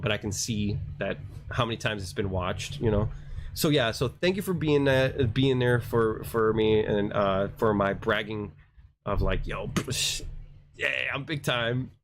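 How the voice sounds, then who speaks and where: A man's voice: medium pitch, a little hiss or hum. A man hosting a crypto livestream, ranting casually in a rambling, slangy, self-mocking way.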